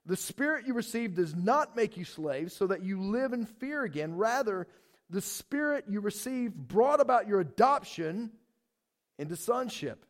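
High-voiced man preaching a casual sermon. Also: measured pace. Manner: conversational, animated, asks the congregation questions. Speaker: pastor.

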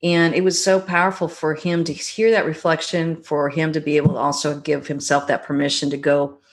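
A middle-aged woman, a guest on a talk show, telling stories about her marriage in a reflective, gentle way. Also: low voice, little pitch movement. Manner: warm, reflective storytelling with gentle pauses. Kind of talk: conversational podcast interview.

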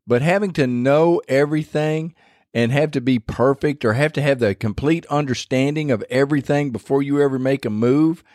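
Guy rambling through a faith podcast, mid-pitched, dry close sound. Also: darkish tone, no room sound. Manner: rambling and conversational, with many restarts. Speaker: podcast host. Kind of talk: devotional podcast talk.

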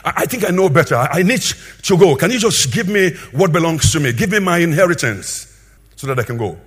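A man voicing a restless young man who insists on his inheritance, speaking in his own husky voice. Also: on the high side, lively intonation, fairly quick. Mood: insistent. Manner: pleading, insistent.

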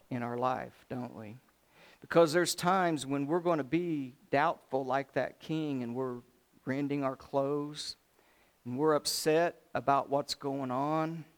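A man preaching a sermon, telling the story in a folksy, animated way with voiced asides. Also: a little high.

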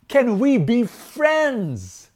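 A man voicing a lonely, gentle big elephant who calls out in a high, loud, drawn-out voice, asking the other animals to be his friend. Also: huge pitch swings, full character voice. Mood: pleading.

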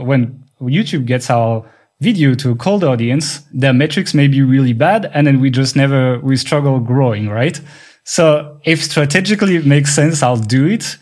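A man's voice: medium pitch, a little mellow. French-accented man explaining casually. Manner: explanatory, thinks aloud with frequent restarts and "basically". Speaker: podcast co-host. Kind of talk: casual chat.

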